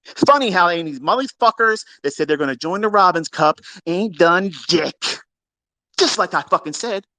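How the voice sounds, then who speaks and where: A man's voice: high-pitched, expressive, normal speed, pushed and bright, dry recording. A man ranting to his audience as a trading educator in a live audio room, swearing, combative and boastful. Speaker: trading educator, host of the space. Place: online audio space.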